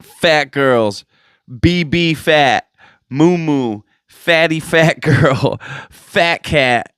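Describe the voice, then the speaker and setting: A man's voice: fairly high pitch, extremely slow, fairly bright tone, clear, resonant tone, no echo, studio quality. Profane ranting podcast host man. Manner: swearing, exasperated ranting. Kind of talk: profane casual rant.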